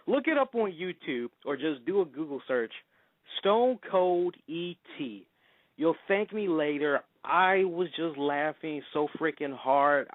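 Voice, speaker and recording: A man hosting a casual wrestling talk show, excitable and quick to slip into loud put-on voices. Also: on the high side, no echo. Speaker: podcast host. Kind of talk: casual radio-style chat. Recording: tinny phone-line sound.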